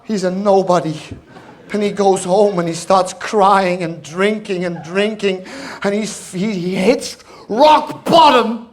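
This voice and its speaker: A man from the Netherlands with a Dutch accent, telling an absurd story on stage with halting, repeated words. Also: high-pitched. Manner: halting, stammering repetitions, deadpan absurd. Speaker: stand-up comedian. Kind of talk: stand-up storytelling.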